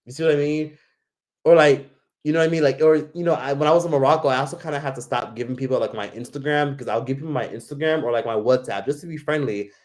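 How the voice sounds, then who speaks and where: An American travel vlogger spins a casual, rambling travel tale packed with fillers and swearing. His voice is mid-range with a darkish tone, and he talks fast.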